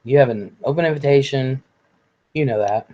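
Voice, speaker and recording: A man hosting a live stream in a relaxed, blunt way, reading viewer comments aloud and swearing casually. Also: medium pitch, normal speed, lo-fi sound.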